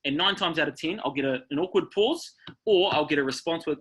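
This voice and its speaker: A man with a New Zealand accent leads an online workshop, coaching his listeners and checking in with them as he goes. His voice is bright and a little high. He sounds like he is on a video call. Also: fast talker. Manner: upbeat, coaching, often checking in with "okay?". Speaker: workshop presenter.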